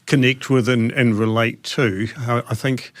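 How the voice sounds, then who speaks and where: A man's voice: medium pitch, fairly even intonation, unhurried, a bit bright, dry recording, clean studio sound. A man hosting an interview, offering short acknowledgements and reflective follow-up questions. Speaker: host.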